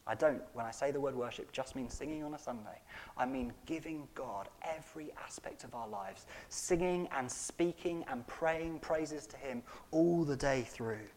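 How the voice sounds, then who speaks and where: A man preaching a sermon as pastor, emphatic, swinging between loud and soft and putting rhetorical questions to the congregation. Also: medium pitch, moderate pace, slight background noise.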